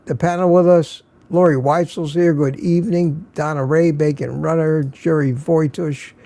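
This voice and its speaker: A man's voice: a little high, creaky, mellow. Tired older man hosting a live stream. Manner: greets viewers by name, chuckling often. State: tired, slightly slurring. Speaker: livestream host. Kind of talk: casual live-stream chat.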